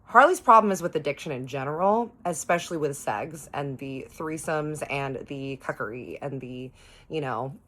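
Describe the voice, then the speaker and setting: A woman's voice: sits low, expressive, moderate pace, fairly bright tone. A woman chatting directly to her viewers as she tells a personal story in a storytime vlog. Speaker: storytime host.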